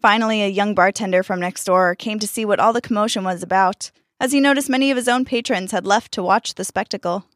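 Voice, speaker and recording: Woman storyteller, expressive scripted narration, dry close recording. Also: mid-range voice, fast, few pauses, no room sound. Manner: expressive, voices the characters.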